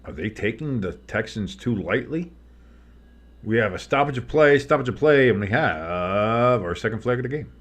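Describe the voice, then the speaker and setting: Medium in pitch and a bit bright, this man's animated voice keeps a moderate pace. He hosts a live sports stream, giving play-by-play and chatting casually with joking detours.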